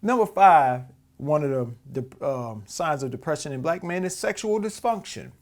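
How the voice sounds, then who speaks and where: Heated, profane man, slightly high voice. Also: lively intonation, normal speed. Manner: heated, profane, repeats words when restarting. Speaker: podcast host. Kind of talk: reacting to a clip, casual commentary.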